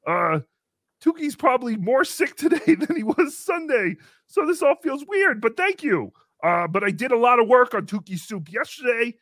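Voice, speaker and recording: A man hosting a comedy podcast, congested from a cold, talking in a loud, playful, crude way. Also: extremely high pitch, sing-song, moderate pace, no echo, clean studio sound. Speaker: podcast host. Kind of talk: comedic livestream chat.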